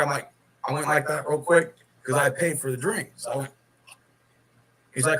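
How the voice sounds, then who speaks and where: A man's voice: mid-range voice, normal speed, fairly bright tone, poor audio. Rambling man telling a bar story. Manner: rambling, profane anecdote. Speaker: guest in a clip being reacted to. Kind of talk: casual storytelling.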